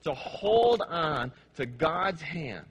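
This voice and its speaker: A male pastor preaching a sermon with passion, dropping to hushed, slow phrases and then rising to emphatic ones. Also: fairly high pitch, very animated, breathy edge, lo-fi sound. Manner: impassioned, swings between hushed and emphatic.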